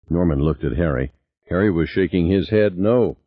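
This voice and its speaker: A man narrating an audiobook in an expressive reading, on a slightly dull recording. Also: sits low, normal speed, no echo. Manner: expressive reading with character voices.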